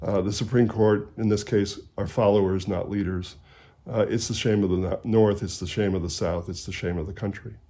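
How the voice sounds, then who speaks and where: A man, an author, speaking in a measured, emphatic way in a conversational interview, with some restarts. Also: fairly low pitch, steady tone, warm tone. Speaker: author and historian guest.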